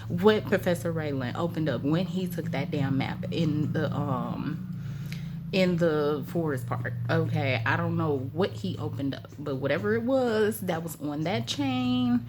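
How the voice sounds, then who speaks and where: A woman casually telling a story to her vlog audience, animated and colloquial, repeating phrases and laughing now and then. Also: low-pitched, a little slow, noisy background. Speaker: storytime vlogger.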